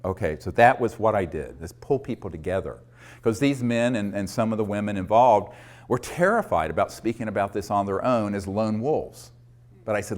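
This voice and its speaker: Older man, fairly low voice, storytelling talk, lively when quoting people. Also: normal speed. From North Carolina, USA. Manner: anecdotal, animated when quoting others. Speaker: speaker recounting his disclosure work.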